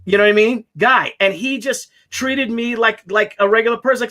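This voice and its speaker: A man's voice: high voice, steady tone, fast, hardly any pauses, pushed and bright. A man who draws comics, telling anecdotes in casual chat and acting out the quotes with animation. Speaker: comic artist.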